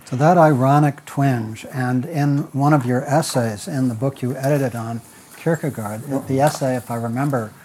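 Male interviewer, measured questions, mellow timbre. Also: medium pitch, slight background noise.

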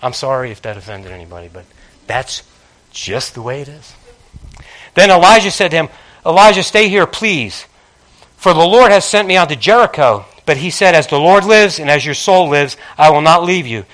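A man's voice: a little high, lively intonation, moderate pace, fairly bright tone. A man preaching a sermon, calling out to his congregation and reading scripture with emphasis.

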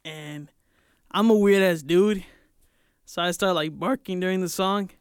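Young male podcast co-host, smooth slightly high voice, dry close sound, easygoing rambling talk. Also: unhurried, dry recording. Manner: relaxed, rambling, with slang and self-corrections. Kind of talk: casual storytelling chat. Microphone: own camera setup.

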